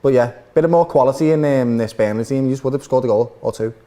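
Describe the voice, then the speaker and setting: A Scouse man talks football at a quick clip, mid-pitched and chatty. He teases the others and closes his points with tag questions. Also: dark tone. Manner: fast, chatty, teasing, lots of tag questions. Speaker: Liverpool fan co-host. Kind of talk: casual match chat.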